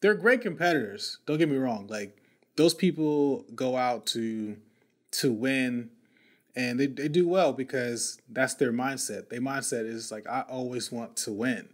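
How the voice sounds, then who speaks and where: A man's voice: medium pitch, lively intonation, unhurried. A male podcast host telling a story in casual, slangy talk, often repeating and restarting words.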